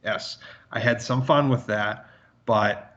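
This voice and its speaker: A man's voice: on the low side, takes it slowly, a bit bright. Man on a dull lo-fi call line. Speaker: podcast co-host. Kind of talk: casual chat. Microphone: remote call mic.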